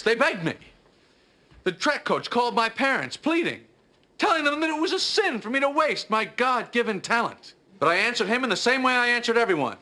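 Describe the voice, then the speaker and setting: A wry grown man spinning his tale of an old high school race. His voice sits very high and swings a lot in pitch, and the sitcom clip carries a steady noise under it. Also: heavily acted. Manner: wry storytelling. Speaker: sitcom character.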